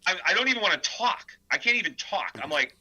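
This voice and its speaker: A man's voice: high-pitched, fast, slightly rough, low-quality recording. A man from the American Midwest, a death metal vocalist and guitarist, telling rambling stories as a podcast guest. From Midwest United States. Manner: animated, rambling, many filler words. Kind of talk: casual storytelling interview.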